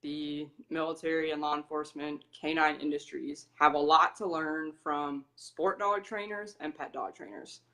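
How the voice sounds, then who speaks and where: A woman's voice: deep voice, fairly even intonation, moderate pace, hardly any pauses, pushed and bright. A young woman with an American accent, a dog trainer talking as an interview guest in a matter-of-fact, explanatory way. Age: young adult. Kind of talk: casual interview talk.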